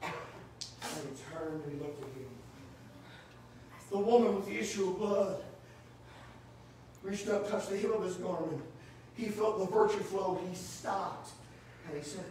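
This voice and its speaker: A man preaching a sermon in a church, rising to shouts and dropping low. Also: normal speed, long pauses, a little hiss or hum. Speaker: pastor. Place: church sanctuary. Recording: echoey church room from far off.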